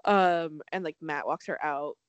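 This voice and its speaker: In a low, unhurried voice, a young woman co-hosting a podcast gives a casual reality-show recap. She's chatty and sarcastic, swears, and leans heavily on "like". The audio has no echo.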